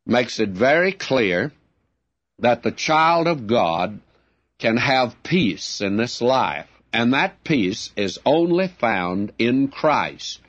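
A man's voice: mid-range voice, no room sound, lo-fi sound. A man teaching verse by verse from the Bible in an earnest, plainspoken way, often calling his listeners friends.

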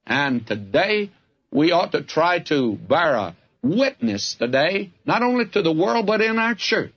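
A man's voice: fairly high pitch, sing-song, unhurried, muffled recording. An older man with a Southern US accent, preaching a folksy, fervent radio sermon that keeps calling the listener "friend". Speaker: radio Bible teacher.

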